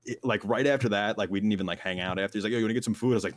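A man's voice: on the low side, rapid-fire, few pauses. A young man telling a long, wild story in casual chat, full of slang, fillers and laughs at himself.

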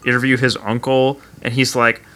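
Man with a bright, tense voice making wry asides. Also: mid-range voice, flat delivery, moderate pace, slight background noise. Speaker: podcast co-host. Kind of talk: casual chat.

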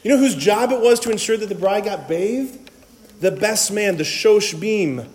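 High-voiced man preaching in a reverberant hall. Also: normal speed, a little hiss or hum. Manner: energetic, joking, conversational, full of "right?". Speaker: Catholic speaker. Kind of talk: humorous talk to a live audience.

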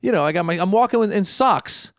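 A man telling a story in casual chat, animated, with quick restarts and stammers. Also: high voice, no room sound, clean studio sound. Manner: animated, acts out the people in his story. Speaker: guest.

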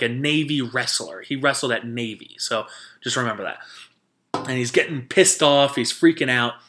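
A man's voice: mid-range voice, pushed and bright. A man in his thirties from New Jersey, hosting a solo podcast and telling a story in a casual, rambling way full of fillers. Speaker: podcast host.

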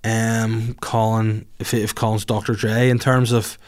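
A man's voice: fairly low pitch, flat delivery, measured pace. A man hosting a podcast in casual comedic chat, reading out listener questions with crude, sarcastic humour and frequent swearing. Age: older than the others, adult.

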